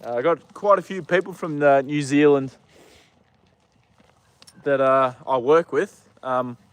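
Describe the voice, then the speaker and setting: A man's voice: medium pitch, measured pace, smooth. A young Australian man chatting casually on a live stream outdoors, rambling with lots of ums and uhs. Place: outdoors with a horse.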